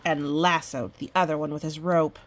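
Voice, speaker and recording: A woman's voice: low voice, steady tone, moderate pace. A woman reading a children's picture book aloud, chatting and delighting over the illustrations. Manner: chatty, amused, commenting on pictures. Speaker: storybook reader.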